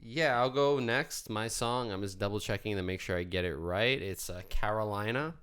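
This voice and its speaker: A man co-hosting a podcast, blunt and casually swearing in relaxed chat. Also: on the low side, moderate pace, very noisy. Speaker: podcast co-host.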